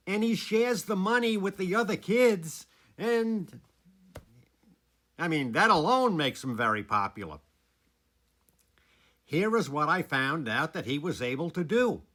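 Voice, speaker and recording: Guy, animated storyteller, bright forceful voice a bit high, chuckles between lines. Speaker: former teacher telling a story. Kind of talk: casual spoken storytelling.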